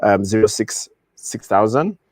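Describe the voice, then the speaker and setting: A man with a Kenyan accent moderates a business meeting's questions. He keeps his turns short and affirming and drops Swahili into English. His voice sits fairly low, and the sound is dry and close. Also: expressive, measured pace, no echo.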